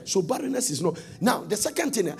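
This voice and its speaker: Gravelly, lively preacher man. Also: sits high, brisk. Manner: storytelling with sudden loud sung-out peaks. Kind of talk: sermon.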